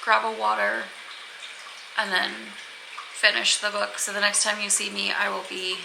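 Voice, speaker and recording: A woman's voice: medium pitch, little pitch movement, moderate pace, gravelly. A young woman chatting casually to her camera in a reading vlog, rambling with lots of "like"s and little laughs. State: teary, crying. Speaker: book vlogger. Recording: echoey room, faint background noise.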